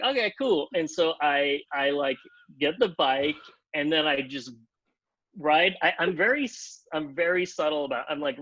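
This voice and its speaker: A man telling a long anecdote on a podcast, animated, acting out the other people in pitched-up voices and leaning on "like" as he talks. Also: no room sound, highs cut off. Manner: animated, acts out quotes in pitched-up voices, many "like" fillers. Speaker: podcast guest, TV comedy writer. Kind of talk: casual storytelling.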